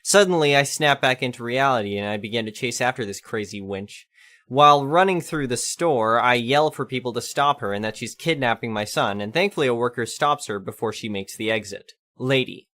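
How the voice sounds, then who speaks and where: A man's voice: mid-range voice, fairly quick, sharp tone. A man narrating an online storytime post in a plain read-aloud delivery.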